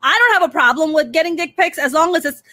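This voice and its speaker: A woman hosts a casual interview with a high voice. She is blunt and animated and swears freely. The sound is dry and close. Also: fast, dry recording. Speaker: podcast host.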